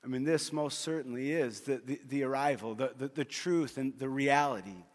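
A man's voice: medium pitch, normal speed. A middle-aged man preaching a sermon as a pastor, telling stories with humor and often restarting his phrases. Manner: storytelling with humor, frequent repeated restarts. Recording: long hall reverb.

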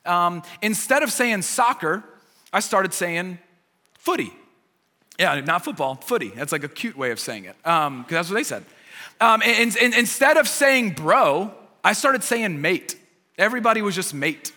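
A man's voice: sits high, sing-song, normal speed, sharp tone, in a large hall. An American man preaching a sermon as a pastor, conversational and repeating his key phrases, with self-deprecating humor.

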